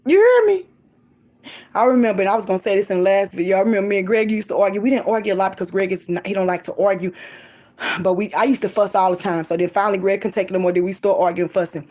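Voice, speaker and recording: A middle-aged woman vlogging, giving lively, emphatic encouragement in a casual preachy way, laughing often. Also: medium pitch, fast talker. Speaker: faith vlogger.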